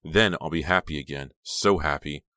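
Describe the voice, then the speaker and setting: A man's voice: very deep voice, moderate pace, bright, forceful tone, clear, resonant tone, no echo, clean studio sound. A man reading an audiobook, voicing a furious, jealous teenage girl with shrieking, bitter wails. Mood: dazed. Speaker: audiobook narrator. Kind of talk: audiobook character voice.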